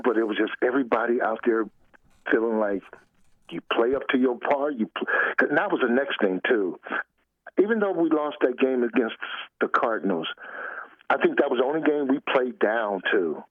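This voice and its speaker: Older ex-player guest, folksy and laughing, dry tinny phone sound. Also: male voice, medium pitch, very animated, unhurried, long pauses, no room sound. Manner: laughs often, loose and folksy. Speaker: former football player, guest. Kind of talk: casual interview storytelling.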